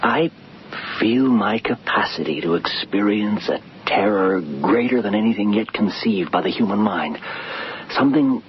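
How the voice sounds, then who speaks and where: A man playing a brooding, morbid gentleman. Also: on the low side, natural voice. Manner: measured, probing, darkly musing. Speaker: actor in a radio drama. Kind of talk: 1950s-style BBC radio drama acting. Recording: dull lo-fi radio recording with faint hiss.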